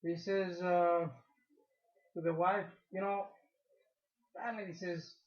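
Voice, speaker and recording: A man's voice: high-pitched, flat delivery. A man co-hosting a casual radio chat, telling long rambling jokes and stumbling over his words. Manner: rambling, halting joke-teller. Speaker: co-host. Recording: dull lo-fi recording.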